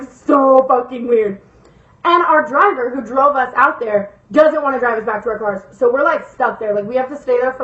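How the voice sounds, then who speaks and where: A woman's voice: high voice, a bit bright, roomy sound, lo-fi sound. A young woman telling a storytime to camera in a rambling, casual way, swearing often and repeating herself for emphasis. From Las Vegas, USA. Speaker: vlogger.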